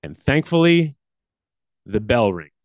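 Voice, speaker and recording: A man leading a workshop, telling a personal childhood story with big swings in pitch and loudness. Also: big pitch swings, slow, no echo, studio quality. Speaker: workshop leader.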